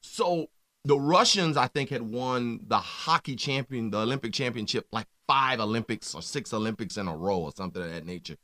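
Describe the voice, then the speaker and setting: A man co-hosting sports talk, with a voice that swoops up and down as he teases his partner and tells stories. He sits at a mid pitch and talks casually. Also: fairly quick. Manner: lively, teasing, storytelling. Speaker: co-host.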